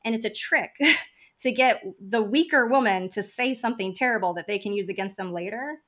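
A woman guest on an interview podcast tells her stories casually. She talks in a chatty, animated way, dropping "like" into almost every sentence. Her pitch sits in a middle register for a woman. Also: normal speed. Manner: chatty, frequent "like" fillers, animated storytelling. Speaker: podcast guest, funeral home founder.

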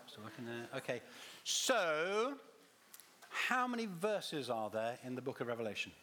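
Lively, bright-voiced man teaching a congregation. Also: medium pitch, a little slow. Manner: lively, quizzes the audience, restarts phrases. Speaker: visiting Bible teacher.

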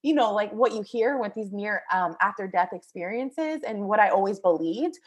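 A young woman vlogger casually recounting a frightening experience, animated and full of fillers, with some swearing. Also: mid-range voice, normal speed, slightly rough. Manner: breathless, animated, many fillers. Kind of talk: casual storytelling.

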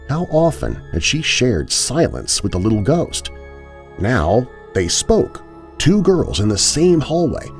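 A man narrating a scripted horror story in a dramatic, expressive way. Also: sits low, gravelly. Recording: narration over music.

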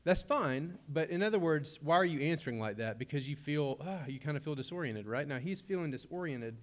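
A man's voice: a little high, lively intonation, a little fast. A young adult man, preaching a sermon in a conversational way with humorous asides. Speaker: pastor.

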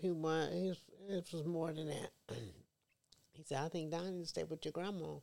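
Gravelly middle-aged mother, calm. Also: low-pitched, normal speed. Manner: calm, plain-spoken, with brief affirmations. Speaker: guest, host's mother. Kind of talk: casual chat.

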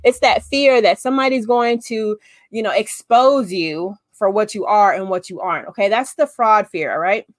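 A woman coaching in a casual, chatty way, often checking in with "okay?" and acting out quotes in animated voices. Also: mid-range voice, moderate pace, no echo, clean studio sound. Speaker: business coach. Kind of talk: casual talk to camera.

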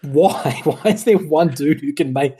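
A man co-hosting a casual film chat, animated, acting out quotes as he talks. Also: a little high, unhurried, breathy edge. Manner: animated, acts out lines mid-sentence. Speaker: podcast co-host.

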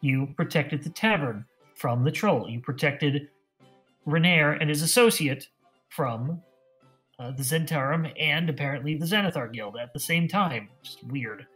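A man's voice: a little high, unhurried, fairly bright tone, soft background music. A man playing a polished male field agent recruiting adventurers, speaking formally but with many hesitations. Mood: patient. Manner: formal, hesitant, filler-laden.

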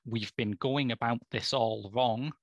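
A man's voice: medium pitch, fairly even intonation, measured pace, no room sound. A man co-hosting a podcast, chatting casually about films, rambling and correcting himself with dry humor. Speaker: podcast co-host. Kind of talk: casual film chat.

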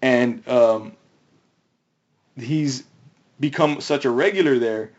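A man chatting casually as a podcast co-host, mid-pitched and easygoing. He rambles in loose, restarting runs and breaks into laughs often. The sound is a bit dull and lo-fi. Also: slow pace. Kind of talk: casual chat.

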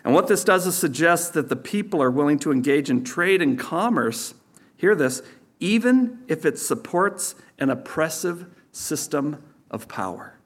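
A man's voice: on the high side, expressive, a little slow. A man preaching a sermon as pastor, teaching in a conversational way with sarcastic asides.

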